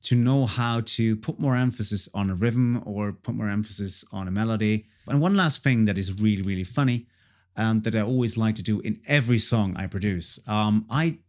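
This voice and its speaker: A man's voice: fairly low pitch, normal speed, a little mellow. A man casually walking through his own song project as a producer, chatty and repeating himself with frequent fillers. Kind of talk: casual tutorial walkthrough.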